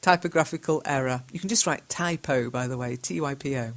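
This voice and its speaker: Low-voiced woman teaching English. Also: a little fast. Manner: laughs often, corrects learners' spelling and grammar aloud. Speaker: English teacher hosting a live chat show. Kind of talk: reading and answering chat messages aloud.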